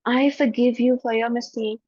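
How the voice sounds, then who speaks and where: A spiritual teacher with an Indian English accent leads a guided forgiveness meditation. Her voice sits a little high, soft and soothing, and she repeats phrases slowly. The audio is dull and dry, close and lo-fi. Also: steady tone, dry recording.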